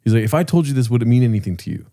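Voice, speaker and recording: A man's voice: medium pitch, expressive, racing, mellow, no room sound, clean studio sound. Laughing storyteller, podcast co-host man. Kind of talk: casual comedic chat.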